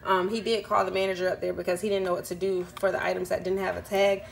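A woman's voice: fairly low pitch, level tone, fast talker, gravelly, noisy background. A woman vlogging casually at home, telling a long story with lots of ums and acting out the people she met. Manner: chatty, many ums, acts out quoted people. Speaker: YouTube vlogger. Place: indoors at home.

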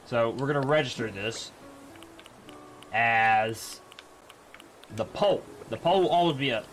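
A man's voice: medium pitch, animated, measured pace, fairly bright tone, faint music behind. A young man streaming a video game, talking to himself with casual commentary and frequent profane, frustrated outbursts.

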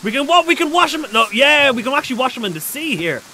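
A man streaming a survival game, chatting excitably with a teammate and shouting out viewers' chat messages. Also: extremely high pitch, quick pace, a little hiss or hum, low-quality recording. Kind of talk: casual gaming livestream chat.

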